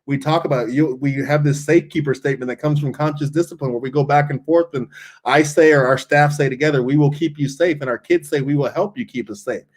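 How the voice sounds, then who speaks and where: Earnest man, slightly higher voice. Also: a little fast. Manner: earnest, repeats words when starting a thought. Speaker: school principal. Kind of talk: podcast interview, conversational.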